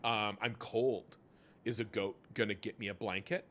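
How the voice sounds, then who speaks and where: A man's voice: fairly low pitch, fairly even intonation, normal speed, fairly bright tone, a little hiss or hum, voice pushed down, lightly acted. A man voicing a skeptical young girl who grumbles bluntly about her hardships. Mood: grumbling.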